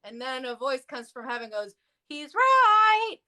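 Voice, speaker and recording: Woman, fairly high bright voice, chatty storyteller, lots of fillers. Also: fairly even intonation, fast. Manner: acts out quoted voices with jumps in pitch. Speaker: clergy guest in a discussion. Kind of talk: casual livestream discussion.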